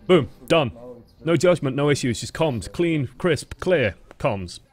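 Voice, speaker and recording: A man coaching players through a gameplay review, blunt and sweary with lively reactions, close to his microphone. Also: fairly high pitch, slow pace, faint music behind. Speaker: game coach reviewing footage. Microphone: close desk microphone.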